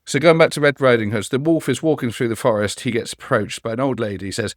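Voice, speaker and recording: A man who consults on customer experience talks as a podcast guest and spins anecdotes with energy. His voice sits at a typical middle pitch. He is close-miked in a dry space. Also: quick pace, few pauses, no echo. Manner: animated storyteller. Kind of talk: conversational interview.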